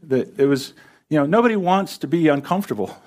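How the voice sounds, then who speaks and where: A man's voice: a little high, animated, a little fast, a little mellow. Man preaching an earnest sermon. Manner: earnest, builds emphasis through repetition. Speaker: pastor. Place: church stage under lights.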